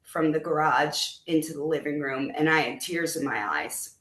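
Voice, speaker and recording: A woman's voice: low-pitched, moderate pace, reverberant. A middle-aged woman, a band musician, telling a story in an interview and acting out the dialogue she recalls. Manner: animated storyteller who acts out quoted dialogue.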